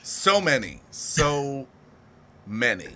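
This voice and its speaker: A man's voice: mid-range voice, very animated, extremely slow, sharp tone. A man co-hosting a comedy podcast, dropping dry one-liners and mock-posh bits. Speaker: podcast co-host. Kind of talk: crude comedic banter.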